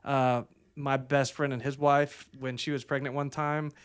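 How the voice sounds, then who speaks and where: A man's voice: mid-range voice, level tone, a little slow, clear, resonant tone. A young man co-hosting a podcast, telling stories in a rambling way with lots of hesitant fillers. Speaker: podcast co-host. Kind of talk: casual chat.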